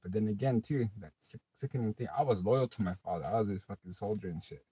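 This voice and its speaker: This middle-aged man hosts a late-night livestream, telling rambling stories full of cursing in casual chat. His lowish voice is warm with a breathy edge and moves fast, and the recording is dry.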